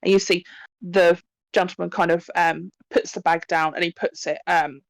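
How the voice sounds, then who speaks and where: A woman's voice: lowish voice, fairly even intonation, normal speed, no room sound. A woman narrating a tabletop horror game as game master, in a chatty way full of ums and likes.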